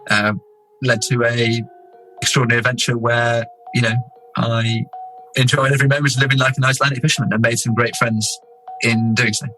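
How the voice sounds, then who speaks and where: A man, an explorer telling an expedition story with animated asides and many fillers. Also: medium pitch, fairly quick, soft background music, low-quality recording. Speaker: explorer guest. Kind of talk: casual storytelling.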